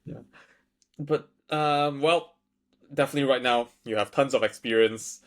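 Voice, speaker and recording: A man's voice: mid-range voice, moderate pace. A man hosting an interview, encouraging his guest and praising his answers before asking reflective questions. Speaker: interview host. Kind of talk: casual interview conversation.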